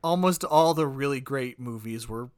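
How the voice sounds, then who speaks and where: A man's voice: medium pitch, normal speed, a little mellow, clean tone. A man co-hosting a podcast in casual chat, with dry, wry humor. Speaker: podcast co-host.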